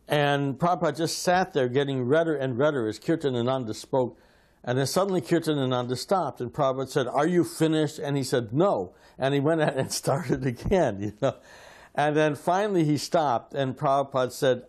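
A man's voice: fairly high pitch, moderate pace. A man sharing memories as a devotee, telling anecdotes and acting out the voices he quotes. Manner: animated, acts out quoted voices. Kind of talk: anecdotal storytelling.

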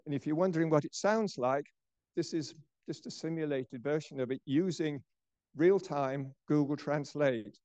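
An older man giving a lecture as a professor, explaining in a measured way and dropping softer at the ends of phrases. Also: fairly high pitch, dry recording, muffled recording. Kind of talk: lecture presentation.

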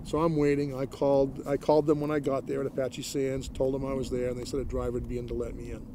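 A man's voice: medium pitch, little pitch movement, quick pace, background noise. A middle-aged man from Maine casually telling the story of his encounter in an interview, in a plain-spoken way that keeps repeating "he goes" and "I said.". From Maine, United States. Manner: plain-spoken, retells exchanges with lots of "he goes" and "I said". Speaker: interviewee recounting a police encounter.

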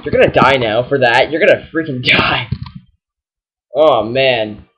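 A young man giving casual let's-play commentary, excitable and exasperated, yelling at enemies. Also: mid-range voice, measured pace, breathy edge. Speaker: gaming channel host.

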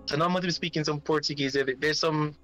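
A man from Jamaica chatting as a podcast guest, hesitating and filling pauses with ums as he hunts for words. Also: on the high side, fairly even intonation, bright, forceful tone, soft background music, poor audio. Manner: hesitant, many ums while searching for words. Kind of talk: casual chat, switching through several languages.

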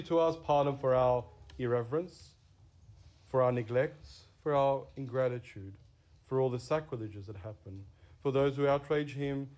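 A Catholic priest giving a sermon in an earnest way, stressing key words. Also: male voice, on the high side, a little mellow.

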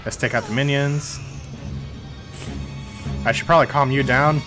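A young man streaming a game, chatting excitedly, yelling at characters and swearing when things go wrong. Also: medium pitch, moderate pace, music in the background. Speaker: gaming streamer. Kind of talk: live gameplay commentary.

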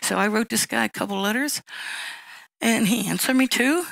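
Gravelly woman pastor preaching. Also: fairly high pitch, moderate pace, a bit bright, no room sound, poor audio. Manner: conversational teaching, reads scripture aloud, acts out little dialogues. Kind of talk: sermon.

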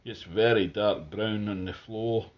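A man giving a casual, chatty beer tasting review at home, describing the beer in relaxed detail. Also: fairly low pitch, measured pace, highs cut off. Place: at home near his Christmas tree.

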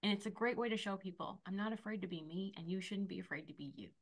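A woman in her forties, an esthetician and motivational coach, talking in a bubbly, animated way as an interview guest and acting out the voices she quotes. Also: mid-range voice, fast talker. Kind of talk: energetic interview talk.

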